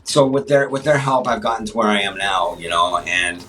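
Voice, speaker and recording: A man talking as a guest on a livestream chat show, speaking haltingly with many restarts and fillers. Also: fairly low pitch, fairly even intonation, sharp tone, far from the mic, faint music behind, poor audio. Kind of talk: casual interview chat.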